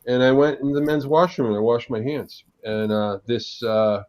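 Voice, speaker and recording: A man, a guest agile coach, telling an animated anecdote during a live panel talk. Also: medium pitch, normal speed. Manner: animated, vivid anecdotal delivery. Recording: dull lo-fi sound.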